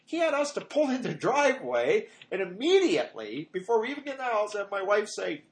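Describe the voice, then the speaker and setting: A man's voice: high voice, huge pitch swings, brisk. Man preaching casually in an echoey room. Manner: conversational, rambling, acts out quoted lines in a raised voice. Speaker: pastor. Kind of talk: informal sermon with personal stories. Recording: echoey room with faint noise.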